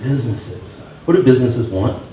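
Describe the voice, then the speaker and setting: In a meeting room, a man addresses a real estate sales meeting, swapping stories and playing both callers in phone conversations. His mid-range voice is warm and moves at a moderate pace. The audio is very echoey and distant, sounding dull and muffled with faint noise.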